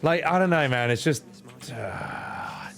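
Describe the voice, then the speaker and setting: A man's voice: on the high side, expressive, slow, fairly bright tone. A young man live-streaming a game, chatting casually with viewers in rambling, swearing rants.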